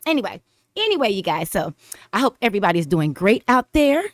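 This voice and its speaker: A woman's voice: mid-range voice, sing-song, brisk, dry recording, studio quality. A woman vlogger, rambling through casual political commentary, repeating herself and laughing often.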